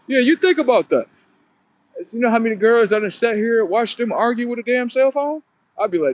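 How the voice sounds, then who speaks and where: A man's voice: very high-pitched, lively intonation, a little fast. A man hosting a livestream, rambling on in a profane, casual monologue and talking back to his viewers. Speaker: livestream host.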